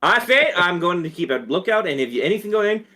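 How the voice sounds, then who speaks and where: A man's voice: sits high, animated, fast talker, bright, forceful tone, pitched above the performer's own voice. Man putting on a blustering Southern rooster. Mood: swaggering. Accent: put-on American Southern. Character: boastful Southern rooster, male adult.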